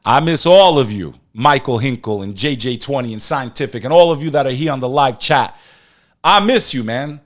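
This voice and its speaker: A man hosting a podcast, ranting in animated news commentary and talking straight to his live chat. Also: medium pitch, normal speed. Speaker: podcast host.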